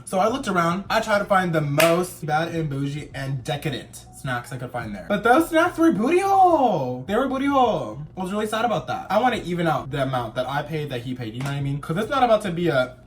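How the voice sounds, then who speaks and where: A young man telling a storytime vlog in a sassy, campy, dramatic way, shouting for emphasis. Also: on the high side, big pitch swings, fast, hardly any pauses. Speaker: vlogger.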